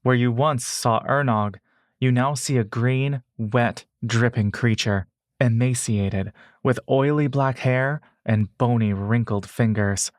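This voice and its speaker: Slow, dry-voiced male story narrator. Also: medium pitch, dry recording. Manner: measured, steady storytelling. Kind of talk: second-person audiobook narration.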